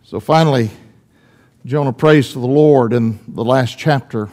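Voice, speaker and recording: A man preaching a sermon in church, swinging between loud emphatic lines and hushed, drawn-out ones. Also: medium pitch.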